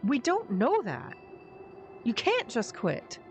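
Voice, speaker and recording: A woman streamer reading the lines of an earnest, kind-hearted boy from a story game, gentle and sincere. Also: fairly high pitch, huge pitch swings, slow pace, faint music behind, heavily acted. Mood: pleading.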